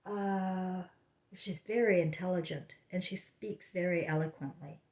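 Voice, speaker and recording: Low-voiced woman rambling in a roomy echo. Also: fairly even intonation, a little slow, a little mellow. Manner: meandering, many fillers and restarts. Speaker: spiritual vlogger. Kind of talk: rambling casual monologue. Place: home, living room.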